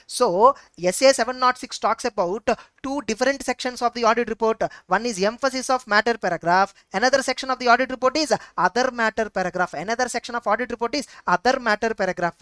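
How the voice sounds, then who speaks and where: Woman, Indian English accent, high voice, dry close sound, repetitive lecture style. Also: fast talker, hardly any pauses, fairly bright tone, no echo. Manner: repetitive, drills points with rhetorical questions. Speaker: teacher. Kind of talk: exam-prep lecture.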